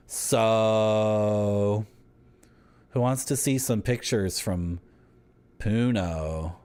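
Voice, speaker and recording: Animated, joking male streamer. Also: fairly low pitch. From Canada. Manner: joking, teasing, rambling banter with chat. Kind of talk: casual live-stream chat.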